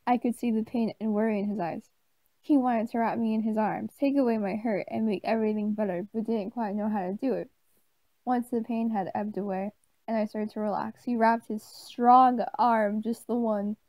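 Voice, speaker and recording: A woman reading a story aloud in a deadpan way. She stumbles over words and breaks off to swear and make snide asides. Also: a little high, no echo, poor audio. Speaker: channel host reading aloud. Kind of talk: mock dramatic reading of a story.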